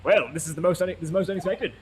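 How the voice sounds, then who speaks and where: A man voicing a brash, theatrical male gentleman detective in grandiose tones during a game playthrough. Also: high voice, very fast, soft background music, pitched above the performer's own voice, close to an everyday voice. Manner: grandiose, excitable.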